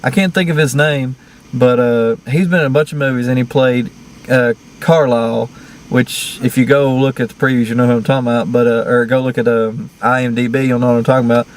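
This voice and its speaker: A man talking through a film with a co-host in a loose, unscripted way. He is blunt and swears freely, stumbling over his words and restarting sentences as he goes. His voice sits at an ordinary middle pitch, with a faint hiss of noise behind him. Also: fairly even intonation, fairly quick. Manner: blunt and profane, with frequent restarts and laughs. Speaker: movie review co-host. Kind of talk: casual movie review chat.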